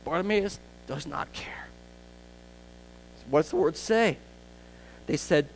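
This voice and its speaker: A male preacher delivers a sermon with strong emphasis and speaks directly to his listeners. His voice sits a little high for a man. He often pushes his words out to drive a point home. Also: expressive, slow, pauses often, rough recording. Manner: emphatic, addresses the congregation directly. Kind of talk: expository sermon.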